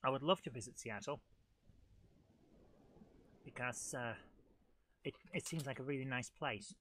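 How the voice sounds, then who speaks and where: A middle-aged man hosting a retro gaming channel chats through a live let's-play, cracking self-deprecating jokes and talking to the game. His mid-range voice is unhurried with a sharp tone, and there is a little hiss or hum.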